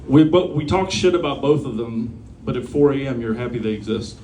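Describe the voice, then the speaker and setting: A man's voice: mid-range voice, expressive, brisk, dark tone, distant mic, slight background noise. A man hosting a comedy night, telling bad jokes in a loose, chuckling way and acting out the people in them. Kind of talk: telling jokes at an open mic. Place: small bar venue with a live audience. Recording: roomy bar recording.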